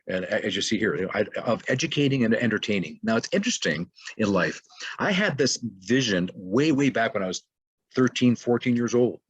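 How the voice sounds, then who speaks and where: A man's voice: low-pitched, husky, dry recording. A middle-aged man giving a motivational webinar talk, rambling loosely with many fillers and restarts. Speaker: webinar presenter.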